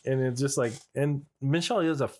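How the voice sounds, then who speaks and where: Excitable, profane middle-aged man. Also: medium pitch, brisk, slight background noise. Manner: excitable, profane, laughing often. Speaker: podcast co-host, husband. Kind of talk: casual couple chat.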